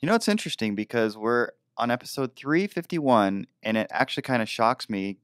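A man co-hosting a casual podcast, talking in a measured, thoughtful way. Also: mid-range voice, big pitch swings, a bit bright, smooth, no echo, studio quality. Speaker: podcast co-host.

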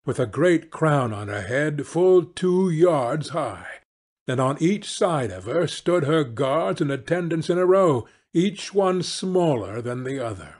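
Slow, expressive male storyteller. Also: fairly high pitch. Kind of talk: scripted fairy-tale narration for English learners.

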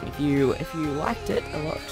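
Young Australian male tutor, animated pitch, chatty, self-correcting, casual screen-recording delivery. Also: normal speed, over loud music. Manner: chatty and self-correcting, thinks aloud while typing. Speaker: tutorial host.

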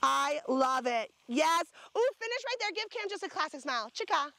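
Bubbly high-voiced woman directing poses. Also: sing-song, moderate pace, pushed and bright, no echo. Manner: bubbly, enthusiastic, gushing praise. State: sucking on a throat lozenge. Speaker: photographer's posing director. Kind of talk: directing a photo shoot on location.

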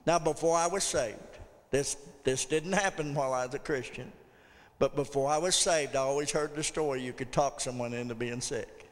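A man's voice: mid-range voice, moderate pace. A man preaching a sermon as pastor, telling folksy stories and calling out to the congregation. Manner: folksy storytelling with audience call-outs. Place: church sanctuary. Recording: long church hall reverb.

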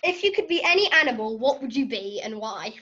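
Brief: chatty female host, high voice, giggles, dull lo-fi recording. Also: very animated, a little fast, bright, forceful tone. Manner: chatty, giggly, reads questions. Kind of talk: casual interview chat.

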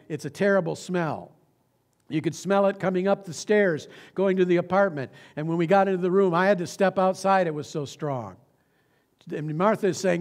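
A man preaching a sermon in a church, telling a story earnestly and slowing down for emphasis. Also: high-pitched, darkish tone. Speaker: pastor. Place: church sanctuary.

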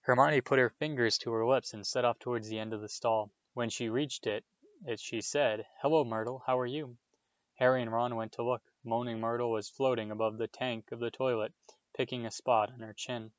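A man's voice: medium pitch, flat delivery, brisk, no echo, dull audio. A man reading a children's novel aloud, plain storytelling that lifts for the dialogue. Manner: plain storytelling with small restarts, lifting his voice for dialogue. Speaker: audiobook reader.

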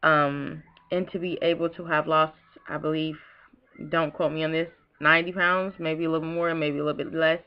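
Young woman vlogger, emotional and rambling, slightly low voice, muffled home-video sound. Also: level tone, moderate pace, clear, resonant tone. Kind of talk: casual vlog talk.

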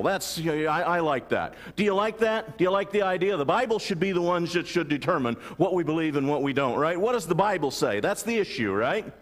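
A man's voice: a little high, expressive, brisk, big-room sound. A man preaching a sermon as pastor, often asking the congregation rhetorical questions. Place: large church sanctuary.

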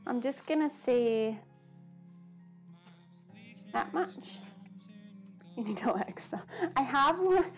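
A Scottish woman with a slightly high voice chats away as she cooks in her home kitchen, laughing easily and answering viewers' comments. Faint music plays softly behind her. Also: lively intonation, takes it slowly, pauses often. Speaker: cooking streamer. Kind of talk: casual live-stream chat while cooking.

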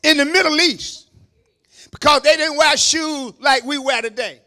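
A man preaching a sermon as pastor, shouting at the peaks and dropping into low asides to the congregation, calling on them to answer. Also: a little slow. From Kentucky, USA. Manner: call-and-response preaching, calls on the congregation. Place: church sanctuary.

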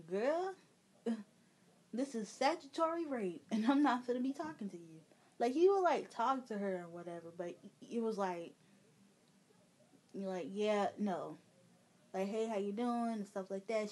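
A woman's voice: mid-range voice, a little mellow. A woman with a Chicago accent, ranting casually and indignantly to her viewers, rambling with fillers. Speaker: gaming vlogger. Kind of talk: casual venting rant.

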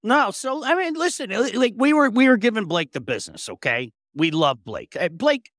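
Middle-aged male co-host, animated and joking, lively pitch, dry close mic. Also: normal speed, no room sound. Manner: animated, joking, frequent restarts. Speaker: co-host of sports talk show. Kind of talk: casual sports radio chat.

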